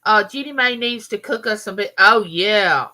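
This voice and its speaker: A woman's voice: mid-range voice, lively intonation, normal speed, bright, forceful tone. A woman with a Southern US accent, from Mississippi, hosting a casual live chat and chattily greeting viewers by name. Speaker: livestream host.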